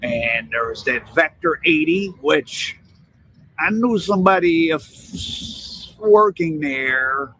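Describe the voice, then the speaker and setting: A man's voice: a little high, big pitch swings, slow pace, creaky, sharp tone, husky, rough recording. A man commenting casually, retelling stories with asides and hedges.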